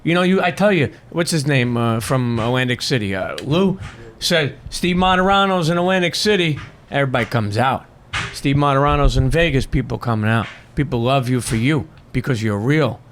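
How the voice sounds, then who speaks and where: A man's voice: medium pitch, lively intonation, moderate pace, fairly bright tone, slight background noise. A man hosting an interview, earnest and supportive, cutting in with repeated calls to listen. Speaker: podcast host. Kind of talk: casual interview talk.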